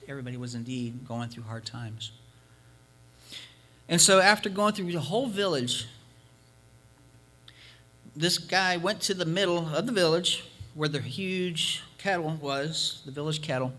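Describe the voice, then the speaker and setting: Bright, emphatic male preacher. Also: on the high side. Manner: emphatic, repeating points for force. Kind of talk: sermon with storytelling.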